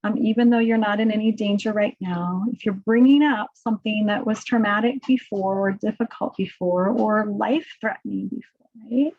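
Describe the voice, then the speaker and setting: A woman giving a relaxed webinar talk on handling emotions, full of "like" and "right?". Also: mid-range voice, moderate pace, few pauses, no room sound, muffled recording. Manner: conversational, filler-heavy, says "right?" and "like" often. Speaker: presenter on coping with emotions in research.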